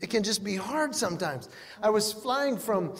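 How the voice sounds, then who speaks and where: Stand-up comic, male, high-pitched, lively character switches, long hall echo. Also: husky. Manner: animated storytelling, acting out dialogue with quick voice switches. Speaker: comedian. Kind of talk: stand-up comedy to a live audience.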